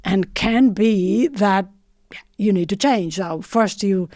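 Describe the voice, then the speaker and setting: A woman giving a reflective motivational talk in short phrases with frequent pauses and non-native English phrasing. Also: medium pitch, mellow, no room sound, studio quality. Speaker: motivational speaker.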